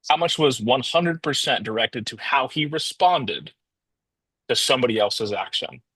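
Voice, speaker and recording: A man's voice: medium pitch, expressive, moderate pace, bright, forceful tone, slightly rough, no echo. A man telling a motivational story in a casual, rambling way, often restarting and calling his listeners guys.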